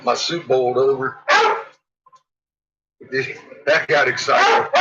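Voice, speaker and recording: A man's voice: a little high, wildly swooping pitch, drawn-out words, bright, forceful tone. Swearing man teasing his dogs, echoey kitchen. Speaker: vlogger. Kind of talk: casual chat while cooking. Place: home kitchen. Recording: echoey, distant, dull, noisy with dogs barking.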